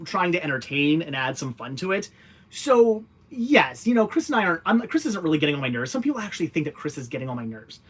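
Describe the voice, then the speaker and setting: A young adult man hosts a casual livestream, reading viewer comments aloud and answering them in a rambling way full of fillers and restarts. He laughs easily, and his voice is on the high side with a fairly bright tone.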